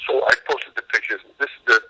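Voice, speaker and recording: A man's voice: medium pitch, fairly even intonation, fast, bright, forceful tone, husky, low-quality recording. A man being interviewed as an animal rescue worker, telling stories emphatically and acting out both sides of conversations. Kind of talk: interview, storytelling.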